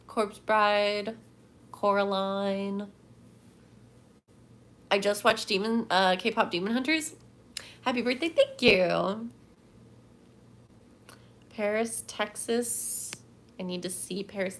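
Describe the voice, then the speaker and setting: A woman's voice: mid-range voice, a bit bright, a little hiss or hum. A woman livestreaming from home, chatting casually and rambling as she answers viewers' comments. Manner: chatty, rambling, reads chat aloud.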